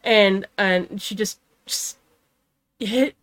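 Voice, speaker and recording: A woman chatting casually as co-host of a home-recorded talk series, relaxed and easygoing as she tells stories. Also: medium pitch, extremely slow. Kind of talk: casual chat.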